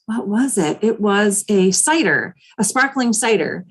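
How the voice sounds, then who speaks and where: A woman's voice: mid-range voice, lively intonation, a little slow, slightly rough. Woman, from the United States, casual podcast co-host, chatty, lots of ums. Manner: chatty, many ums, laughs easily. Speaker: podcast co-host, travel planner. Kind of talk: casual chat.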